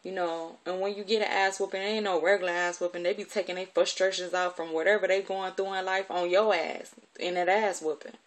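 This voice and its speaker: A woman's voice: on the low side, fairly even intonation, brisk, few pauses. Candid woman telling her life story. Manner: candid, profane, conversational vernacular.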